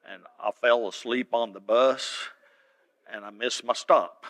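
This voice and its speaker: A preacher doing a sleepy mumbling patient. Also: male voice, fairly even intonation, a bit bright, rough recording. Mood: sheepish. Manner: slow, low, mumbling drawl. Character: drowsy, muddled adult male hospital patient.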